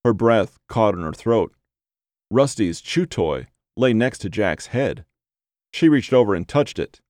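A man with a fairly low voice reads a horror story in a measured, even way. The sound is dry and close, with no room echo. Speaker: narrator. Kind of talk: horror audiobook reading.

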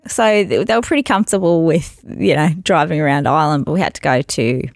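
A woman's voice: low voice, fast talker, no room sound, clean studio sound. A young woman hosting a podcast, chatting casually and laughing through a travel story. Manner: chatty, laughs through her own stories.

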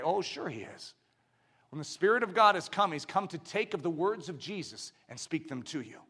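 A man preaching a sermon, swinging from loud emphatic declarations to hushed, intense lines and asking the congregation rhetorical questions. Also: on the high side, animated, moderate pace, husky.

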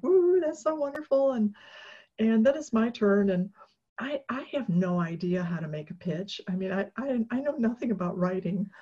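A woman guest in an interview, telling a personal story in a casual, animated way with many fillers and restarts, often laughing. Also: on the low side. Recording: dull lo-fi recording.

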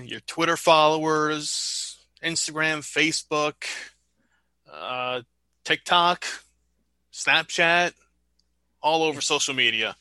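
A man's voice: fairly high pitch, bright, forceful tone, clean tone, no room sound. A man hosting a podcast in casual chat, laid-back and laughing along with his guest. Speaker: podcast host.

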